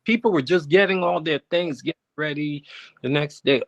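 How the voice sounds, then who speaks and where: A man from the United States calling in to tell an animated story, his voice jumping up high whenever he quotes himself. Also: moderate pace, gravelly, low-quality recording. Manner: animated, rising sharply when quoting himself. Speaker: caller. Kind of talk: storytelling on a call-in show. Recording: connection breaking up.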